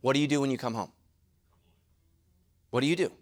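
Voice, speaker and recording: A middle-aged pastor with a medium-pitched voice preaches a sermon, animated and joking, tossing quick asides to the congregation.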